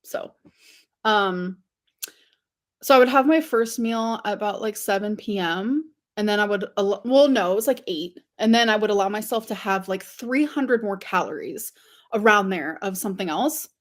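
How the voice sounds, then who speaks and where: A woman's voice: mid-range voice, moderate pace. Rambling, giggly woman livestreaming. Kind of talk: casual livestream chat to viewers.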